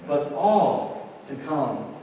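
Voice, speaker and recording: A middle-aged man delivers a storytelling sermon, bringing each exchange to life with animated voices. His voice sits a little high for a man. The recording is distant and washed in heavy hall echo, with faint room noise underneath. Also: extremely slow. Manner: animated storyteller, acts out dialogue. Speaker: preacher. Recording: echoey hall recorded from far off.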